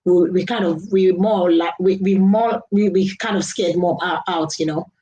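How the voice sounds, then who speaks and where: A woman's voice: on the low side, steady tone, normal speed, mellow, dull audio. A young woman with a Nigerian English accent, hosting a casual live stream and chatting loosely, repeating herself and laughing often.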